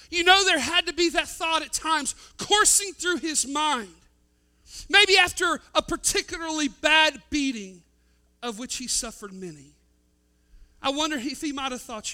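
High, bright-voiced preacher man. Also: normal speed. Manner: dynamic preaching, swinging from loud to hushed. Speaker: pastor. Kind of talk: sermon.

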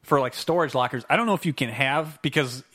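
A man co-hosting a casual movie discussion, enthusiastic and quick to laugh. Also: medium pitch, bright, forceful tone. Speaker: podcast co-host. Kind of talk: casual movie commentary chat.

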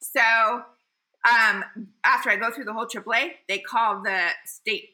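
Bright, animated middle-aged woman storyteller. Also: mid-range voice, moderate pace. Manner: animated storytelling, laughing, dramatic. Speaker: podcast co-host. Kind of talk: casual chat.

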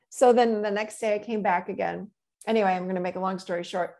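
A middle-aged woman coach telling stories in a gentle, reflective way in a casual interview. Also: medium pitch, fast talker. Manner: gentle, reflective storyteller with many "you know"s.

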